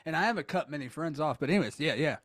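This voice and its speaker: A rambling man with a somewhat high voice tells a story between laughs and curses. The sound is dry and close. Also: expressive, very fast, fairly bright tone, no room sound. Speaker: podcast co-host. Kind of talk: casual chat.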